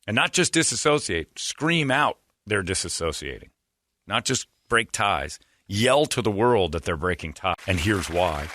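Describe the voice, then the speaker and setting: A man hosting a podcast, telling stories in a sarcastic, animated casual chat. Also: fairly low pitch, a little slow, dry recording, studio quality. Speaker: podcast host.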